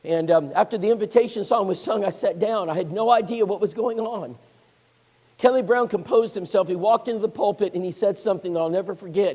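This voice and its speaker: A man's voice: high-pitched, brisk. A man preaching a sermon, telling stories and acting out the voices of people he quotes. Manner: animated storyteller, acts out quoted voices. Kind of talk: storytelling sermon. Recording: long hall reverb.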